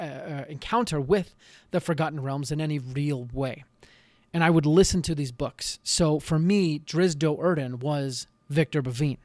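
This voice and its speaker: A man hosting a podcast, giving earnest, animated advice in a solo talk with frequent restarts. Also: fairly high pitch, no room sound. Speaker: podcast host.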